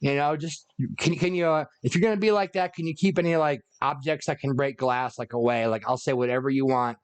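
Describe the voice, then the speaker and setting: A man's voice: medium pitch, fairly even intonation, brisk, clean tone, dry recording, close to an everyday voice. A man voicing a timid magic mirror that talks in a nervous, placating, hesitant way. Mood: fearful.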